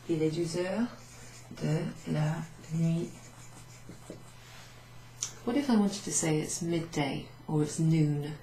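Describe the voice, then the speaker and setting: Woman language teacher, low and unhurried, echoey room with faint hiss. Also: dark tone. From Wales. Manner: slow, patient explaining, switching between English and French. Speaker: French teacher. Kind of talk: relaxed classroom recap lesson.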